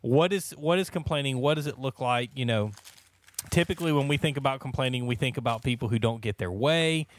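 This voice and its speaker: Man, 30s, laid-back Bible study leader, jokey, laughs a lot, mid pitch. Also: a little fast. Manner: joking, laughs often, many restarts. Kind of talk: casual church Bible study chat.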